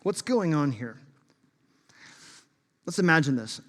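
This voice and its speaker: A man preaching a sermon as pastor, emphatic and shifting between loud bursts and hushed asides. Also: on the high side, sing-song, slow. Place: church sanctuary. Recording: long reverb of a large hall.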